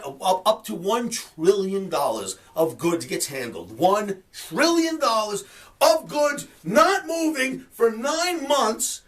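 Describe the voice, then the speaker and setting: A trading educator hosts a market commentary webcast in a very high, slightly bright voice, picked up by a distant mic. Fired up, he rants and mocks those he disagrees with.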